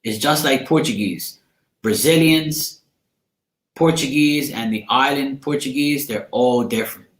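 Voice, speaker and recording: A man's voice: mid-range voice, measured pace. Slangy Bermudian man in an echoey room. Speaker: livestream host. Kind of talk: casual livestream chat.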